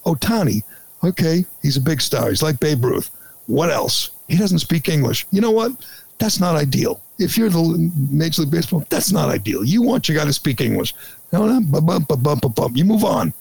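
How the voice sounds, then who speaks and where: A man's voice: a little high, very animated, normal speed, creaky, darkish tone, breathy edge, low-quality recording. A man hosting a podcast, giving sarcastic, incredulous opinion commentary in a ranting manner. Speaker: podcast host.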